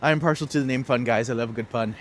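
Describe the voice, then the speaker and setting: This young man speaks at a racing pace in a medium-pitched voice, with a little hiss or hum on the audio. He's a tour guide streaming a walk outdoors on chilly city streets, casually reading viewers' questions aloud and firing back jokes.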